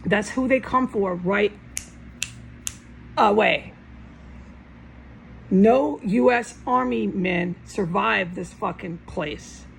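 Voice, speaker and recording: A woman's voice: medium pitch, slow pace, vocal fry, long pauses, slight background noise, low-quality recording. A woman filming herself at home, talking to the camera in an agitated rant full of swearing. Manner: agitated, ranting, heavy swearing. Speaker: vlogger. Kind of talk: angry rambling monologue to camera. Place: indoors at home.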